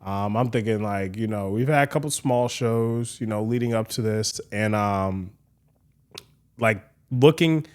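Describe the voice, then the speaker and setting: A man's voice: on the low side, unhurried, darkish tone, clear, resonant tone. A young man, a guest DJ, tells a story in a casual interview, rambling and filling his talk with "like" and "you know".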